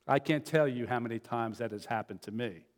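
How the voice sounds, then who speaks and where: A man's voice: mid-range voice, a little fast. A middle-aged man preaching a sermon, telling stories in a folksy, conversational way with fillers and restarts. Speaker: pastor. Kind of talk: sermon with storytelling. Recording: long reverb of a large hall.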